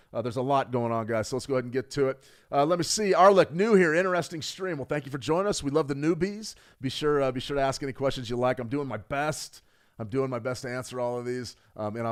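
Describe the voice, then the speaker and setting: A man hosting a live trading stream, giving energetic market commentary, repeating key phrases for emphasis and answering viewers' chat. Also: mid-range voice. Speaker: trading livestream host.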